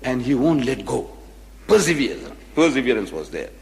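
A man's voice: medium pitch, normal speed, vocal fry. A man giving an anecdotal public lecture, acting out the voices in his stories. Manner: animated storyteller, acts out the voices. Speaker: public speaker. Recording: long hall reverb.

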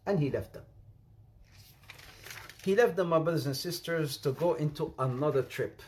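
A man's voice: on the high side, moderate pace. A middle-aged man with an Arabic accent, whose first language is Arabic, preaching a sermon and telling stories with jokes, addressing the audience as brothers and sisters.

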